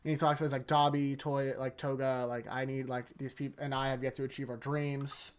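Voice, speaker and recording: A YouTuber giving a casual, rambling manga chapter review late at night, tired, leaning on "like" a lot and often trailing off into a quieter voice. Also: mid-range voice, little pitch movement, brisk, clean tone. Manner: rambling, heavy use of "like", sentences often trailing off softer. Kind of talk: casual video commentary.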